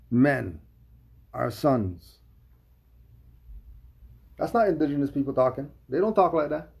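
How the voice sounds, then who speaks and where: Gravelly, husky man ranting. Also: medium pitch, very animated, a little slow, pauses often, a little mellow. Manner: emphatic, full of rhetorical questions. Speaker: commentator. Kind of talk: livestream commentary.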